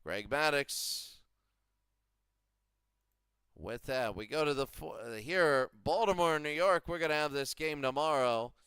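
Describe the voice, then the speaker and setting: Slow, clear-voiced man recapping a baseball sim. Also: fairly high pitch, fairly bright tone, no echo. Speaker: video game commentator. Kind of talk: play-by-play recap of a simulated baseball game.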